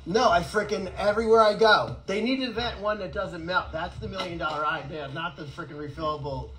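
A man running an animal sanctuary, chatting excitedly and rambling with lots of laughter in a casual fundraising video outdoors. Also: high voice, a little fast, poor audio. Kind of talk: casual fundraising vlog chat.

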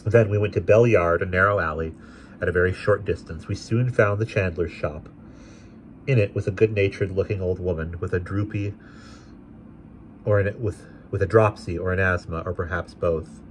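A man narrating a classic novel aloud in a steady, expressive way. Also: sits low, moderate pace, a little hiss or hum. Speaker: audiobook reader.

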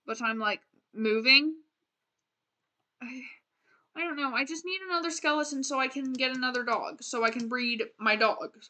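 A woman's voice: high voice, moderate pace, pushed and bright. A young woman streaming a game, chatting casually and playfully as she plays, rambling with lots of restarts. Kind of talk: casual gameplay commentary.

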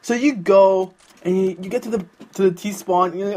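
A young adult doing sarcastic gaming commentary, full of swearing. The delivery is mocking and easily excited, talking straight to the viewer at a middling pitch. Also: normal speed. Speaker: gaming YouTuber.

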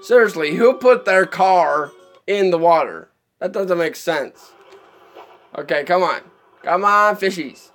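High-voiced man chatting through a game. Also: animated, slow, fairly bright tone, faint music behind. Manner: chatty, exasperated, laughs often. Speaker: streamer. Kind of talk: live gameplay commentary.

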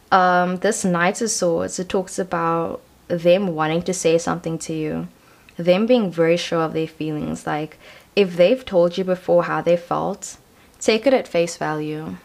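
A woman's voice: lowish voice, fairly even intonation, a little slow, creaky, a little mellow. Chatty young woman doing a tarot reading. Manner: chatty and slangy, many "like" and "I feel like". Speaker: tarot reader. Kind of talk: casual tarot card reading.

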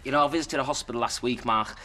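An actor playing a greedy, dim male footballer in a comedy sketch, bragging deadpan through crude punchlines. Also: mid-range voice, racing, lightly acted. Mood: smug. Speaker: footballer in a post-match interview sketch. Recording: studio audience laughter, noisy. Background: audience laughter.

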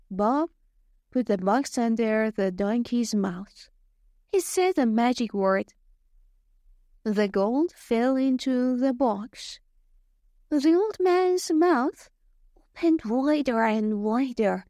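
Slow, careful woman storyteller. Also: a little high, mellow, no echo, clean studio sound. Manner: slow, careful, clearly spaced reading. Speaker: storyteller for English learners. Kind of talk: slow scripted story narration.

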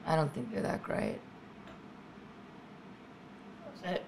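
A woman chatting as a comedy podcast host, deadpan and jokey. Her voice has a gravelly, creaky edge, with faint hiss behind her. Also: sits low, slow. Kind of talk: casual comedic chat.

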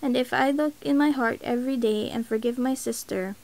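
A woman reading the lines of a calm, gentle young prince in a mild, even voice. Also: fairly high pitch, fairly quick, natural voice.

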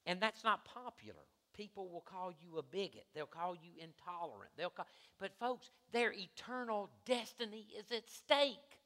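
Pastor guy preaching, highish voice, big echo from the church hall. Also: lively intonation, normal speed. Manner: swings between hushed asides and loud, high-pitched preaching. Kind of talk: sermon. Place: church sanctuary. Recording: reverberant church sanctuary.

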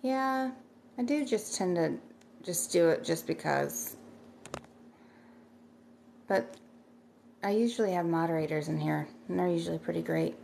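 Chatty middle-aged woman streamer, gravelly voice. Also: lowish voice, unhurried, pauses often, dark tone, slight background noise. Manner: rambling, chatty, thanks viewers by name. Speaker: livestreamer. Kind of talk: casual livestream chat, reading viewer comments.

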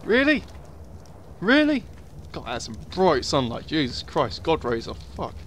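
A man's voice: medium pitch, moderate pace, slight background noise. A young man giving casual, sweary commentary over a survival game, muttering asides to himself. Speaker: gaming video host.

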